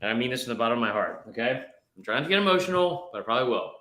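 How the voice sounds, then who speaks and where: Male podcast co-host, mid-pitched, rambling and profane in casual banter, recorded with an echoey room sound. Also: big pitch swings, racing, bright, forceful tone.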